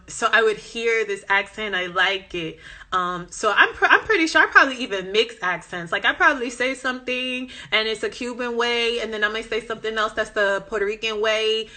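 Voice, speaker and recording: A woman from New York with a New York accent, chatting casually on a phone livestream and telling animated stories. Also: medium pitch. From New York, USA. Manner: animated storyteller who acts out voices in her stories; chatty and informal, with many fillers and asides. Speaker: language-learning content creator. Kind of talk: casual livestream chat and storytelling.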